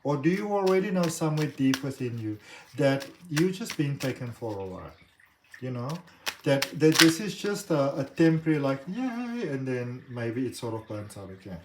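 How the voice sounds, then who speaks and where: A man's voice: medium pitch, expressive, normal speed, darkish tone, reverberant, a little hiss or hum, poor audio. A man giving a casual, encouraging tarot reading, chatty and full of fillers. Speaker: tarot reader.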